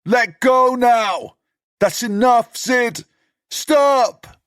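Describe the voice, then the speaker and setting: A man voicing an upset young boy who loves dogs and ends up shouting in rage and grief. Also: medium pitch, expressive, normal speed, dry recording, clean studio sound, voice pushed up, lightly acted. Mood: screaming, furious. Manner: shouts and screams in fury.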